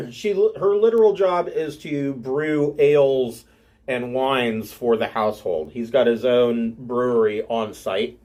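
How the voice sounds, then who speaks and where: A man narrating as game master of a tabletop game, unhurried and often clearing his throat. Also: mid-range voice, darkish tone.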